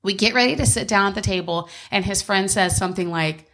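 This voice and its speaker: A woman's voice: medium pitch, fairly quick, fairly bright tone. A woman co-hosting a podcast from home, telling a personal story in casual chat, candid and swearing freely. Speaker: podcast co-host.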